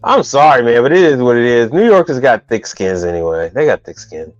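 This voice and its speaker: A man's voice: medium pitch, very animated, brisk, no echo. Joking, rambling man streaming live. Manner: rambling, joking, teasing, loose slang. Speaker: live stream host answering business questions. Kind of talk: casual live stream talk. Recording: dull dry sound with faint music behind.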